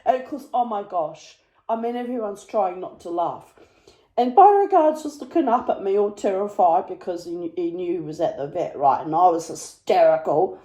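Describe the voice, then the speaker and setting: A woman's voice: lowish voice, expressive, moderate pace, mellow, reverberant, poor audio. A woman, telling a story to camera in a dramatic, breathless way and acting out the people in it. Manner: dramatic, breathless retelling with put-on voices. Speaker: vlogger.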